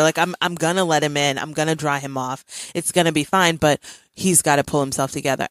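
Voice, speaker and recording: A woman hosting a casual podcast, telling a long story about her kids in a chatty, animated way. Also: deep voice, no echo. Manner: chatty storyteller, acts out her child's shouts. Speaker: podcast host.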